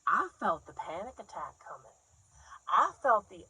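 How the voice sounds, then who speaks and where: Husky lady doing stand-up, animated storytelling, acts stuff out. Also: medium pitch, moderate pace, rough recording. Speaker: stand-up comic.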